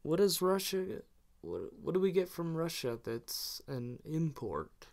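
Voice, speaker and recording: A man co-hosts a podcast in loose, casual chat. He speaks slowly and unhurriedly, drawing out his words as he rambles. He jokes often and laughs at his own lines. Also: on the high side, sing-song, darkish tone. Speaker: podcast co-host.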